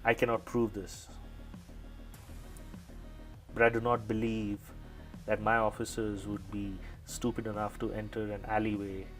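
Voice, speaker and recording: A man's voice: completely flat delivery, unhurried, long pauses, soft background music, close to an everyday voice. A man playing a furious cursing police lieutenant. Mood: hushed. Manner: cursing, barking, then lowered conspiratorial tone. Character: gruff furious male police lieutenant, middle-aged.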